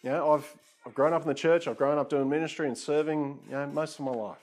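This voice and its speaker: A man's voice: a little high, fairly even intonation, fast talker, a little mellow. A man preaching a conversational sermon, casual and self-deprecating, with frequent asides to his listeners.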